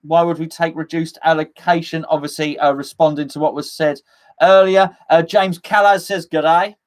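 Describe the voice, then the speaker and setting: A man's voice: on the high side, steady tone, moderate pace. A middle-aged man hosting a casual live fan chat, rambling and jokey, with lots of fillers and restarts as he reads out comments.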